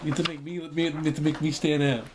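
Young man, casual vlog ramble, jokey, acts out dialogues, slightly high voice. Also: little pitch movement, quick pace. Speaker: vlogger. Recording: faint background noise.

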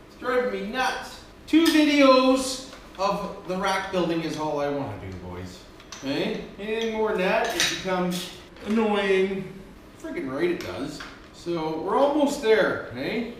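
Folksy Canadian man in an echoey garage. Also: high-pitched. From Ontario, Canada. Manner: folksy, rambling, swears a lot, keeps calling out to the boys. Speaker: DIY vlogger. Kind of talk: casual running commentary while working. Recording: echoey shop with tool noise.

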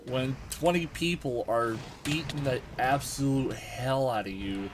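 Over game music and the clatter of typing, a young man who runs a gaming channel talks through his match in an unhurried, mid-range voice, groaning and cursing as his team loses. Some background noise is present.

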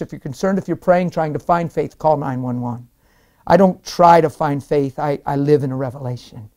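Emphatic male preacher giving testimony. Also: a little high. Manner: emphatic, excitable storytelling. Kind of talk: testimony in an interview.

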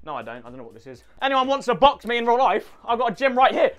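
A man giving loud, sweary, jokey gaming commentary as a YouTuber, often breaking into shouts. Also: very high-pitched, big pitch swings, fast, faint music behind.

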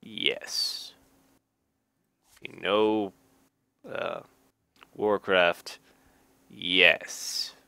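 Slow-talking man, joking as he reads. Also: sits low, fairly even intonation, creaky, pushed and bright, clean tone, no echo. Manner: jokey, laughs at his own jokes, dry asides. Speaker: gaming YouTuber reading card flavor text. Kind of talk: casual comedic reading.

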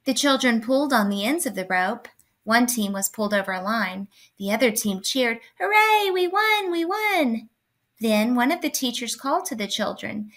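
A woman narrating a children's picture book aloud, clear and expressive. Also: fairly high pitch, normal speed. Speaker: storyteller.

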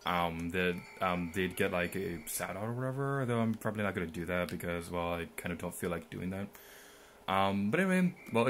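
Young man, let's play commentary, rambling, sarcastic asides, lowish voice, faint background hum. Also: a bit bright. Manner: rambling, filler-heavy, mildly sarcastic. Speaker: gameplay commentator.

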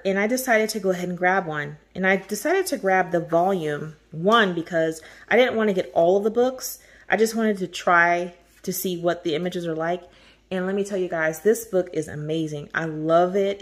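Gushing woman with a lowish voice. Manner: gushing, effusive, laughs often. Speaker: host of a coloring channel. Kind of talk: casual chat showing birthday gifts.

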